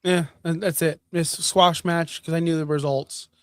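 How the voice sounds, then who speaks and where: Male podcast co-host, fired-up and blunt, higher pitch, dry close sound. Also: moderate pace, dry recording. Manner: excitable, frank, worked-up opinions. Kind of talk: casual sports chat.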